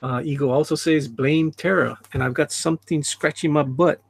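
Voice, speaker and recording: A man's voice: a little high, fairly even intonation, moderate pace, creaky, breathy edge, no room sound. A man hosting a casual livestream, reading chat comments aloud with joking asides and frequent laughs. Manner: chatty, laughs often, reads chat aloud with jokey asides. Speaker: livestream host. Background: dog jumping on him.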